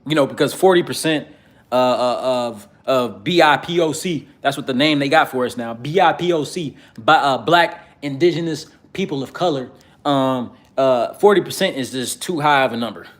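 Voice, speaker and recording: A man's voice: medium pitch, normal speed. A man giving a casual commentary monologue, rambling with many fillers and speaking bluntly and profanely. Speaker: political commentator.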